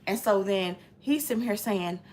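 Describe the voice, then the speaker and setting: A woman's voice: mid-range voice, normal speed. A woman giving a casual, slangy movie recap, retelling the plot with lots of filler and acting out scenes as she goes. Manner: lively storyteller acting out scenes. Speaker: movie reviewer.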